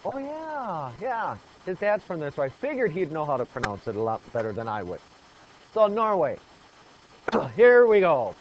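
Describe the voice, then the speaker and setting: A man's voice: a little high, big pitch swings, moderate pace, long pauses, dull audio, slight background noise. A man teaching a geography lesson in a classroom, quizzing the students with call-and-response questions. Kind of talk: classroom lecture.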